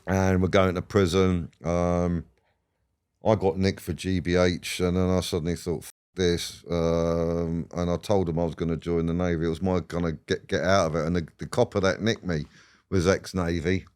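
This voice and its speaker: A man's voice: sits low, level tone, normal speed, a little mellow, smooth. A man, a podcast guest rambling through stories, swearing and laughing as he goes. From England. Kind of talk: casual storytelling interview.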